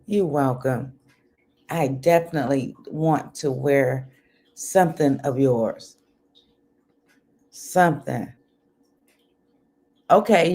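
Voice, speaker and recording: Slow, animated older woman livestreaming. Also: low-pitched. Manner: chatty, animated, laughs often; talks softly at times. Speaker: livestream host. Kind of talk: casual chat with viewers. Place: home, indoors. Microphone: computer microphone.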